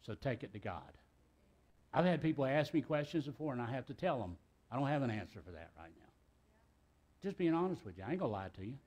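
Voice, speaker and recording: Preaching in a church sanctuary, a middle-aged South Carolina pastor speaks fast and very animatedly in a medium-pitched, darkish voice. His sermon is folksy and chatty, with jokes thrown in along the way.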